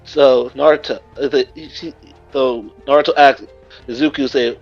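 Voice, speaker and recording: A man's voice: medium pitch, fairly even intonation, normal speed, faint music behind. A man casually narrating a fan-made story in a loose, chuckling way, on a muffled recording. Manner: loose, chuckling, with many restarts. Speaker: guest storyteller.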